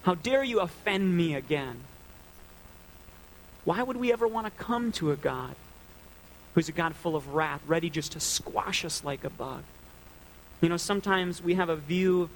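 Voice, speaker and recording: High gravelly-voiced male preacher. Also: slight background noise, low-quality recording. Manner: earnest, conversational preaching. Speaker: pastor. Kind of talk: sermon.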